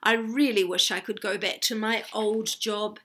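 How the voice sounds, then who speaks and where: A woman voicing an honest, fretful young shepherd boy in a read-aloud storybook, talking in an earnest, plaintive, high voice. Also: fairly even intonation, a little slow, a bit bright. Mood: plaintive indignant.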